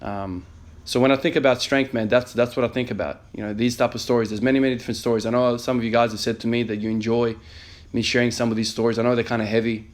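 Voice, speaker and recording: A man's voice: mid-range voice, steady tone, fast talker, few pauses. A man in his thirties, an emergency nurse, earnestly telling a story in a motivational vlog with many fillers. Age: 30s.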